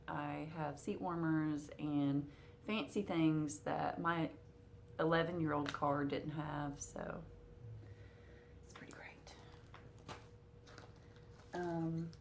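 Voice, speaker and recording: A woman with a low voice chats casually to her camera at home, her talk full of fillers. She has the hiccups now and then. Faint noise hums under the recording. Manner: chatty, with frequent fillers. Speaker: cross-stitch vlogger.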